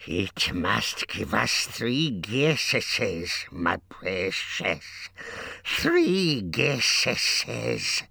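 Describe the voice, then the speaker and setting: A man voicing a slimy little male cave creature, with a hissing, gravelly voice in drawn-out, sing-song wheedling phrases that leap into squeals. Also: lowish voice, huge pitch swings, bright, forceful tone, dry recording, voice pushed up, exaggerated voice. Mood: scheming. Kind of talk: audiobook character voice.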